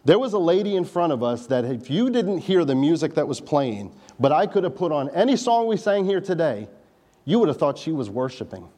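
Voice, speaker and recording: A man's voice: fairly high pitch, very animated, a little fast, warm tone. A man preaching a sermon in a conversational style, with wry asides to the congregation. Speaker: pastor.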